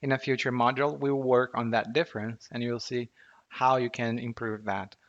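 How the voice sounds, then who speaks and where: A man teaches pronunciation in a relaxed, chatty video lesson, drawing out each vowel slowly so viewers can copy it. His voice sits at an ordinary middle pitch, and the recording sounds a little dull and lo-fi. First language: Portuguese. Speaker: language teacher.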